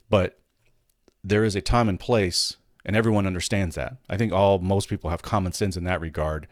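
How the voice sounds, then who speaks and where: A man with a deep, low voice riffs through casual solo commentary, swearing freely and restarting his sentences as he goes. The sound is dry and close, with no room echo. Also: fairly even intonation, moderate pace. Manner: rambling, profane, frequent restarts. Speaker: host of a weekly gaming news show.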